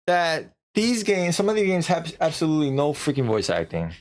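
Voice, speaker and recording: Streaming a game, this man chats casually in a slightly high, expressive voice at a fairly quick clip. He pokes fun at himself and sometimes slips into goofy fake voices.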